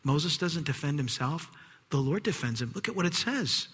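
Animated preacher man in a reverberant hall. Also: fairly high pitch, normal speed, breathy edge. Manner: animated, acts out quoted voices, drops to hushed whispers. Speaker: pastor. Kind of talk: sermon.

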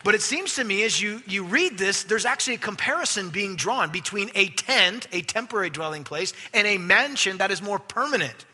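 A man preaching a sermon as pastor, emphatic, swinging from loud stresses to hushed asides. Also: high voice, lively intonation, a little fast, hardly any pauses. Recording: long hall reverb.

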